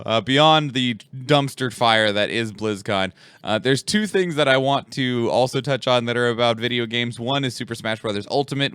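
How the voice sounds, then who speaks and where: Bright, crisp-voiced man chatting casually. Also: mid-range voice, no room sound. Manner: rambling, filler-heavy, laughs often. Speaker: podcast co-host. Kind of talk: casual chat.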